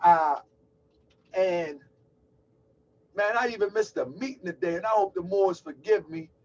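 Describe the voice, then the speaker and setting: A man's voice: sits high, measured pace. A man hosting a call-in livestream, chatty and loose, exclaiming and laughing as he sets up. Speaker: host of a call-in show. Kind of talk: casual livestream talk. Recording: distant, dull lo-fi mic.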